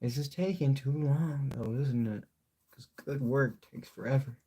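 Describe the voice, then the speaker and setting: A man's voice: medium pitch, measured pace, dark tone, breathy edge. A young man talking loosely while painting on a live stream, joking to himself and his chat and swearing freely. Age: young adult.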